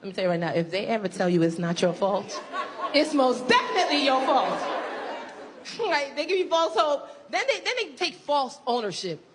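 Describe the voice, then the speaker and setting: A woman doing stand-up in a large venue, her pitch high and lively. Hall reverb and crowd noise fill the recording. She laughs as she acts out quoted lines. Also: normal speed. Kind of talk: stand-up comedy. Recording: echoey hall with loud crowd.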